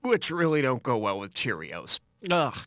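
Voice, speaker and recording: A man's voice: mid-range voice, sing-song, normal speed, very noisy. A man hosting a quiz game in a sarcastic, mocking way, swinging his voice up and down as he teases the players. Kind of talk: snarky game show hosting. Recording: loud music behind the voice.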